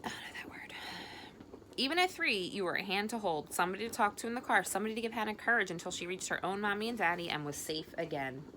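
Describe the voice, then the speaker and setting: A woman voicing a teenage boy, gentle, soft, coaxing, bright tone. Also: mid-range voice, expressive, fast, a little hiss or hum, voice pushed up. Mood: reassuring.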